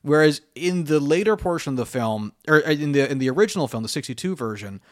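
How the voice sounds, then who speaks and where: A man's voice: on the high side, animated, fast. A man co-hosting a casual film podcast, talking animatedly, swearing freely and acting out lines from the movies. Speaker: podcast co-host.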